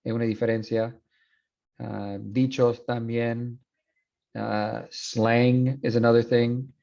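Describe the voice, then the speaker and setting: A man's voice: medium pitch, flat delivery, slow pace, creaky, dark tone, dull audio. A man in his thirties teaching a university class, switching between Spanish and English with frequent restarts. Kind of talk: classroom lecture.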